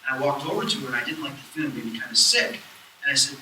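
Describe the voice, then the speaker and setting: This medium-pitched man speaks rapid-fire while telling casual, animated stories at a live lecture hall event, acting out each bit of quoted dialogue. The background is noisy, and the far-off recording echoes.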